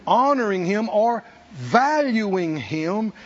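A man's voice: sits high, big pitch swings, takes it slowly, muffled recording. A man preaching a sermon as pastor, emphatic and repetitive in a church.

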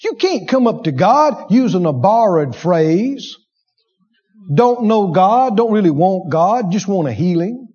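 A man preaching a sermon, animated, acting out inner voices and laughing as he preaches. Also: high-pitched, measured pace, husky, muffled recording.

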